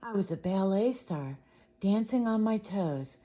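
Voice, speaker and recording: Woman doing a little girl bear cub, frightened, wailing, storybook, husky edge. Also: fairly even intonation, moderate pace, darkish tone, natural voice. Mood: upset. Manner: high, breathless and wailing.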